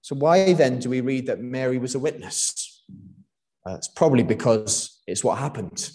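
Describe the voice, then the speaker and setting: A man's voice: medium pitch, normal speed, mellow. A young man from Wales preaching a sermon in a conversational way, with frequent fillers and restarts.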